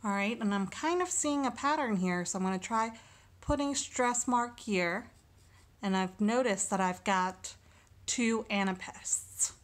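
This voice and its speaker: A woman teaching a recorded lesson, speaking slowly and deliberately and sounding out syllables one by one. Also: medium pitch.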